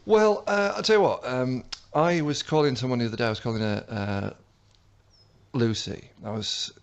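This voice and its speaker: A man's voice: mid-range voice, moderate pace, clean tone. A man guesting on a radio show, telling rambling stories with lots of hesitation. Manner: rambling, hesitant storytelling with fillers. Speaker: comedian guest. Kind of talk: casual radio chat.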